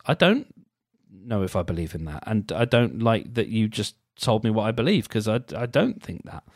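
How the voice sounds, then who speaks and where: Man, wry and self-deprecating, casual solo podcast, lively pitch, dry close sound. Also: moderate pace, dry recording. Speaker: podcast host. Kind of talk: casual solo podcast, reading aloud and commenting.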